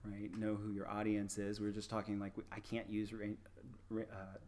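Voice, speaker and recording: A man in his thirties, a professor talking casually as a podcast guest and acting out quoted exchanges with lively energy. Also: on the low side, fairly quick, slight background noise. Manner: animated storyteller, acts out quoted exchanges. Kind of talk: casual conversation.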